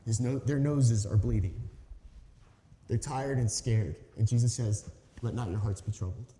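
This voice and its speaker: A man's voice: mid-range voice, a little slow, mellow, a little hiss or hum. A man in his thirties preaching a sermon as a pastor, telling a story in a conversational, earnest way with emphatic stresses. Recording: echoey hall reverb.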